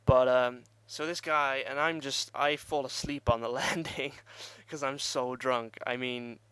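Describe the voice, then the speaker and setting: A man's voice: mid-range voice, steady tone, a little slow, a bit bright, clean tone, no echo. A young man telling a rambling, profane party story in casual vlog style and laughing at himself. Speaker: vlogger.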